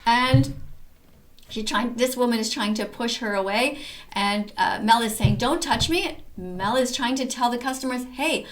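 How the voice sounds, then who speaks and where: A woman's voice: fairly high pitch, moderate pace. A woman hosting casual commentary over activist videos, talking in an emphatic, enthusiastic way. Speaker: host reacting to activist videos.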